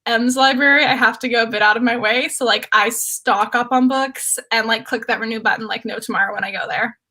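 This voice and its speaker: Co-host: young woman from Canada, high, bright voice, giggly video-call chat. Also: fairly even intonation, fairly quick. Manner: giggly, chatty.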